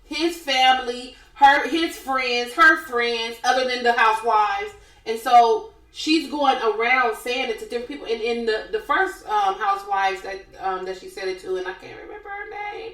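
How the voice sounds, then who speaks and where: A woman's voice: fairly high pitch, echoey room, poor audio. A woman co-hosting a podcast, retelling reality TV gossip in casual chat and acting out what each person said. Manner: animated storyteller acting out quotes. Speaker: podcast co-host.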